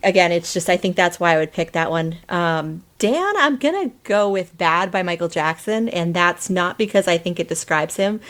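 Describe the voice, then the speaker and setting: A woman from Boston, a guest on a podcast, chatting casually with laughing, self-deprecating asides. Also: fairly low pitch. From Boston, USA.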